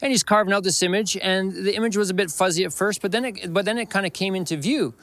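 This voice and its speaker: A man's voice: sits high, fast talker, fairly bright tone. A man with a Canadian accent, a pastor preaching a sermon, telling a personal story earnestly and repeating phrases. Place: church.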